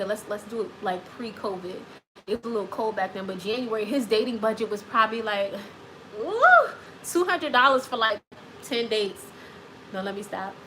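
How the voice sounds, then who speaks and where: A woman hosting a live stream, reading chat comments and giving dating advice in a sassy, animated way, with speech. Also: medium pitch, slight background noise, rough recording. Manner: sassy, animated, repeats phrases for emphasis.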